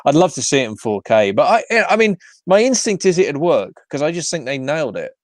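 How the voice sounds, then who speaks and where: A man's voice: a little high, very animated, fairly quick, no room sound. A man hosting a podcast in casual film chat, enthusiastic and swearing freely, often restarting his sentences. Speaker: podcast host.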